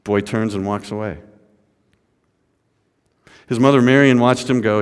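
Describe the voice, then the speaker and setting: A man preaches to his congregation, telling a story with dramatic swings between near-whispers and raised, lifted lines. His voice sits at an ordinary middle pitch. The sound carries the long reverb of a large hall. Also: steady tone, unhurried, long pauses, smooth. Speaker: pastor. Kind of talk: sermon storytelling.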